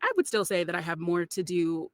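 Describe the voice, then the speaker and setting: A woman's voice: on the low side, steady tone, fairly quick, dry recording. A woman voice actor, a guest on a podcast, chatting casually with lots of laughs, fillers and restarts. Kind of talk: casual podcast interview chat.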